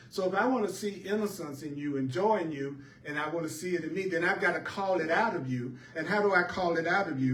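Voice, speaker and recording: Male spiritual teacher, fairly high voice, repetitive emphatic delivery, echoey room, recorded off-mic. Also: a bit bright. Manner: repetitive, emphatic, preacher-like cadence. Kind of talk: spiritual teaching talk to a class. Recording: echoey room heard from a distance.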